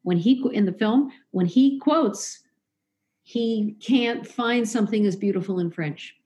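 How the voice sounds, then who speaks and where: A woman in a casual interview, speaking at an ordinary middle pitch. She is chatty and opinionated, circling back and correcting herself mid-sentence as she talks. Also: unhurried, mellow. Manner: chatty, opinionated, with frequent restarts and self-corrections. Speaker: interview guest. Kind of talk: casual conversation.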